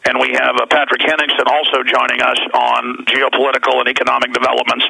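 A man's voice: mid-range voice, monotone, fast talker, vocal fry, sharp tone, a little hiss or hum, rough recording. A man with a Texan accent hosting a talk radio show over the phone from the road, rambling emphatically with many restarts. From Texas. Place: on the road, away from the studio.

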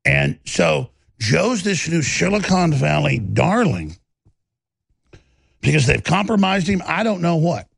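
A man with a heavily gravelly, husky voice delivers a combative on-air rant as host of his own show. His pitch swings widely and he trips over repeated words as he drives his points home. The sound is dry and close, with no room in it. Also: big pitch swings, slow, dry recording.

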